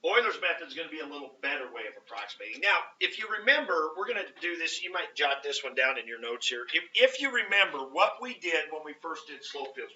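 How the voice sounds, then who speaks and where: A man's voice: a little high, pushed and bright. A man teaching a math class, talking casually with many fillers and often checking in with the students. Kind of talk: classroom lecture. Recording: roomy, distant, dull classroom audio.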